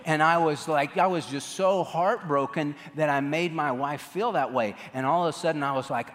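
A man giving a lively talk on marriage to an audience, acting out his own past lines as he tells the story. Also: fairly high pitch, moderate pace, few pauses. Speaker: marriage speaker. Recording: reverberant hall.

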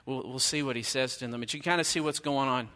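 Middle-aged male pastor, bright forceful tone, casual sermon delivery, long hall reverb. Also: mid-range voice, fast talker. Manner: conversational preaching, emphatic rhetorical questions.

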